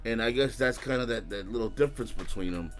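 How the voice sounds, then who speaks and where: A young man hosting an anime reaction channel, ranting casually in profane slang and breaking into shouts and laughs. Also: mid-range voice, quick pace, faint music behind. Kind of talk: casual reaction review rant.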